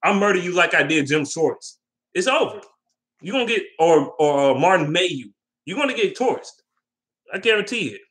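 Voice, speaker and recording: A very animated male vlogger with a high-pitched, slightly bright voice rants about sports at a moderate pace. The talk is casual but heated, loaded with swearing, repetitive, and punctuated by viewer questions.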